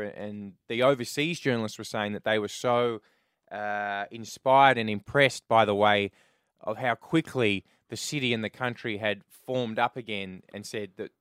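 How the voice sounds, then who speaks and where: A man's voice: lowish voice, steady tone, moderate pace, fairly bright tone, smooth, no echo. A man hosting a breakfast radio show in a chatty, conversational way, recorded close on a studio microphone. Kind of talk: casual radio chat.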